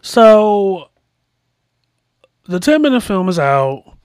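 A man's voice: high voice, sing-song, drawn-out words, a little mellow, no room sound, studio quality. A man hosting a podcast, chatting casually and rambling through asides as he comments. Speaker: podcast host.

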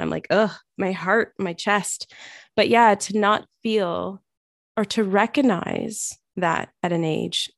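A woman in her thirties hosting a podcast, telling a personal story in a chatty, animated way with lots of fillers. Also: mid-range voice, creaky, dry recording, studio quality. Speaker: podcast host. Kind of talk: casual conversation.

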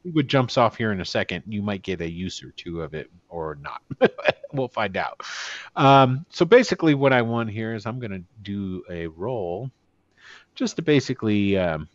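A man's voice: on the low side, normal speed, no room sound, dull audio. A man running a tabletop game as game master, casually narrating and acting out the guards. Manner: animated, swearing, acts out orc guards.

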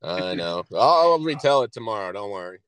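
Low-key man with a lowish voice. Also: expressive, fairly quick, fairly bright tone, clean tone, dry recording. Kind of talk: casual chat.

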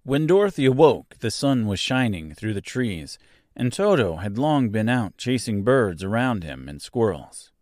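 A man narrating a children's storybook aloud as a podcast host, in a slow, expressive storytelling manner. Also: lowish voice, no echo, clean studio sound.

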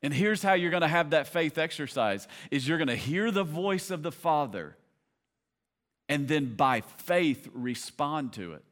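A man's voice: a little high, animated, unhurried, a bit bright. A man in his thirties preaching a sermon as a pastor, conversational and building to passionate emphasis.

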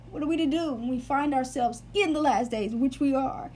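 A woman's voice: high voice, fairly quick, darkish tone, slight background noise. A woman giving an earnest Bible teaching, explaining word meanings step by step and repeating phrases for emphasis.

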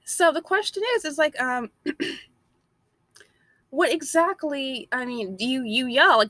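A woman's voice: sits high, measured pace, long pauses, sharp tone, dry recording. A woman delivering a blunt, emphatic opinion monologue.

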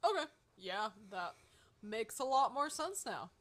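A woman's voice: on the high side, sing-song, unhurried, fairly bright tone. A woman co-hosting a podcast in casual chat, easygoing, laughing at her own slips and answering in short replies. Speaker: podcast co-host.

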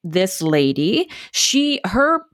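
Lively woman telling a story, dry sound. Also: medium pitch, drawn-out words, dry recording. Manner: animated storyteller, asks for the others' verdict. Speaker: podcast co-host. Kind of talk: casual chat, storytelling.

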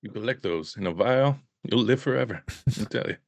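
Low gravelly joking man. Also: a little fast, no echo. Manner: joking, deadpan asides, does voices. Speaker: co-host. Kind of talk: casual podcast chat.

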